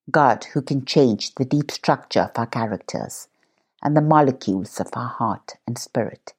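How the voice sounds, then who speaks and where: A woman hosting a guided Christian meditation, speaking in a slow, calm and measured way. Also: rumbling low, slightly rough. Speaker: meditation host.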